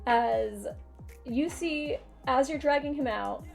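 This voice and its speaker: A woman's voice: high voice, slow pace, gravelly. Casual young woman game master. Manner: casual, hesitant, many fillers. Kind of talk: narrating a tabletop game. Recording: faint music behind.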